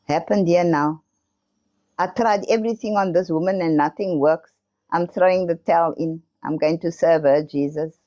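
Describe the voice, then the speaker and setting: A woman's voice: lowish voice, mellow, highs cut off. A woman telling her personal testimony, acting out the voices of others in her story. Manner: earnest storytelling, acts out voices in quotes. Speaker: testimony speaker.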